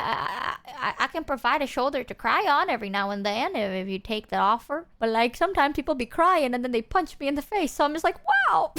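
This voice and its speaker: A woman's voice: high-pitched, fairly bright tone. A young woman streamer chatting casually with her viewers, rambling and self-deprecating, swearing freely and acting out people she quotes. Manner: quotes people in exaggerated put-on voices.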